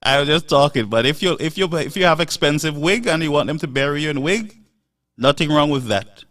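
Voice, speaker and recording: A man's voice: a little high, expressive, brisk, a bit bright, distant mic. A man hosting a live show, delivering an emphatic, preachy monologue full of rhetorical asides.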